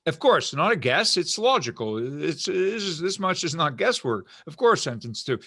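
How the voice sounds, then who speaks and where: A man's voice: a little high, big pitch swings, moderate pace, bright, forceful tone, no echo, studio quality. A middle-aged man giving an online philosophy lecture, talking in a discursive way with restarts and frequent checks that students are following. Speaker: philosophy professor.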